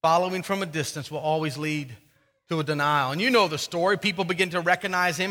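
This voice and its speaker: A man's voice: on the high side, steady tone, fast, pushed and bright, big-room sound. A man preaching a sermon as a pastor, emphatic and often repeating words as he builds.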